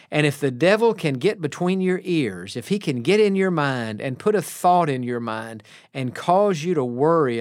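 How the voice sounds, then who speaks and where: A man preaching a radio sermon in an earnest, plainspoken way, slowing down to stress key words. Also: on the high side, no room sound, studio quality.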